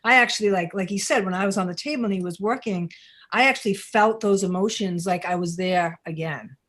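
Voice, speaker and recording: A woman's voice: medium pitch, brisk, a bit bright. A woman hosting a podcast, asking questions in a friendly, casual way. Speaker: podcast host.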